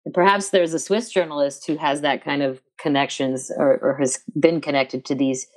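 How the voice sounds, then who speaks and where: A woman with a low voice hosts a podcast interview. She speaks haltingly, thinking aloud and restarting her sentences as she works toward her question. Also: fairly even intonation. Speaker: podcast host. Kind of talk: interview conversation.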